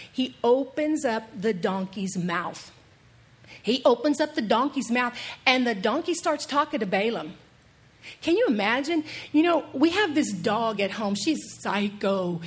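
A middle-aged woman pastor preaching a sermon, telling stories with animated energy and laughing as she goes. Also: fairly high pitch, husky.

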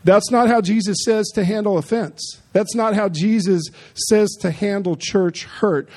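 A man's voice: high voice, steady tone, measured pace, few pauses, a little mellow. A man preaching a sermon in an emphatic, conversational way, with frequent asides to the congregation. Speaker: pastor.

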